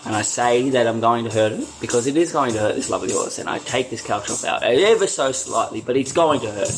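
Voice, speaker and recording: A man's voice: medium pitch, expressive, fast, music in the background, poor audio. A man playing in a tabletop game, joking, cutting in and laughing often. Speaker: player. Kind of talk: casual tabletop game play.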